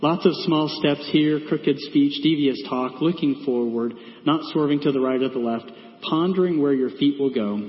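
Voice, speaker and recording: A man giving a conversational sermon in a church, with many fillers and asides. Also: medium pitch. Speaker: preacher. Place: church sanctuary. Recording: echoey church hall, dull sound.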